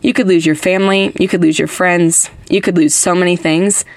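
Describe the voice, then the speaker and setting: A young adult woman hosts a casual podcast, talking with emphatic energy and plenty of filler words. Her voice sits a little low and has a gravelly fry to it. The recording is dry and close. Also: brisk, no room sound. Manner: animated, emphatic, lots of "like" fillers. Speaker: podcast host. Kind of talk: casual faith podcast chat.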